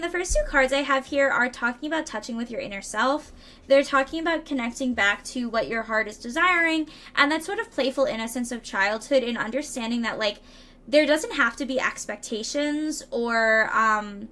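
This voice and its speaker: Chatty high-voiced woman reading tarot. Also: fairly bright tone. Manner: chatty, playful, reads card texts aloud and riffs with chat; stumbles over words and laughs at herself. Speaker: streamer doing tarot readings. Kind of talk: live-stream tarot reading and chat.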